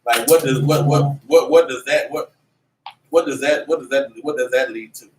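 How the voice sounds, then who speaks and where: A man teaching a religious class in an animated, preachy way, with lots of slang and repeated "man". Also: mid-range voice, normal speed. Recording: echoey room, mic at a distance, faint noise.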